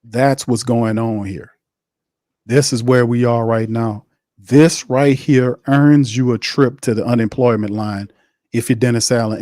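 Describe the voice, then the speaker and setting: A man's voice: on the low side, darkish tone, no room sound, studio quality. A man hosting a live sports watch party, ranting bluntly and heatedly with slang and cursing. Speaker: host.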